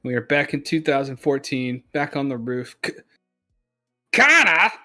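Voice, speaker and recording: A man's voice: medium pitch, little pitch movement, normal speed, faint music behind. A man co-hosting a manga discussion, reading scenes aloud and correcting his own slips as he goes. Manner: narrates scenes plainly, stumbles and corrects himself.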